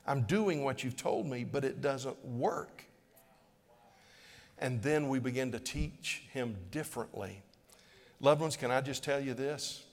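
A middle-aged pastor preaches earnestly in a church sanctuary, pleading and repeating phrases to press his point. His medium-pitched voice is a little slow, and long hall reverb fills the recording.

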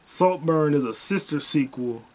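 This voice sits on the high side, with a darkish tone and an unhurried pace. A young podcast host performs a solo comedy monologue, rambling through profane stories and circling back to the same punchlines.

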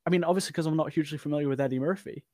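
A man's voice: on the high side, darkish tone, no echo, clean studio sound. A man co-hosting a podcast, chatting casually about a film with many restarts and fillers. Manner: halting, many restarts and fillers, laughs often. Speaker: podcast co-host.

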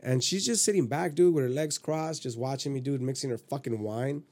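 A man's voice: mid-range voice, a little fast, warm tone, no echo. Profane man telling a wild story. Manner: profane, rambling, acts out quotes. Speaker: podcast guest. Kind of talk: casual storytelling.

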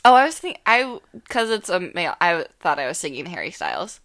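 A woman's voice: lowish voice, huge pitch swings, a little fast, fairly bright tone, no room sound, studio quality. A young woman co-hosting a casual podcast, playful and giggly, slipping into silly put-on accents. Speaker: podcast co-host. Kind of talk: casual chat.

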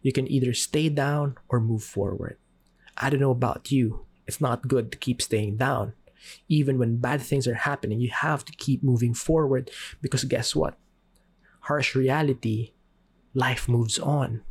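A man speaks earnestly as a podcast host, urging listeners toward hope and faith. His voice is slightly husky, and he slows down for dramatic pauses on the key lines. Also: medium pitch. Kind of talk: inspirational faith talk.

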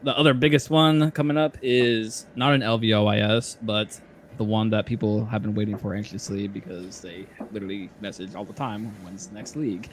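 A man's voice: fairly low pitch, little pitch movement, moderate pace, slight background noise. Chatty, laughing male podcast host. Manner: chatty, laughs often, many fillers and restarts. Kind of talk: casual podcast chat.

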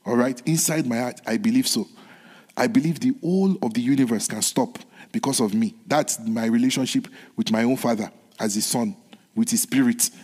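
A man preaching a sermon in an earnest way, repeating his phrases and moving between soft whispered lines and raised ones. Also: mid-range voice, moderate pace, husky. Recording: long hall reverb.

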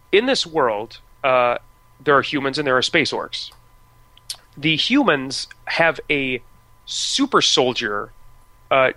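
Bright-voiced American man chatting about games. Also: on the high side, no echo, poor audio. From United States. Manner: chatty, frequent restarts and fillers. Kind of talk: casual video game discussion.

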